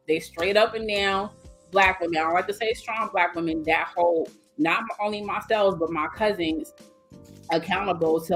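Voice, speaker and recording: A woman, speaking bluntly and animatedly as a guest in a casual podcast discussion, acting out the voices she quotes. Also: on the low side. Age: 40s. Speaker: guest speaker on mental wellness.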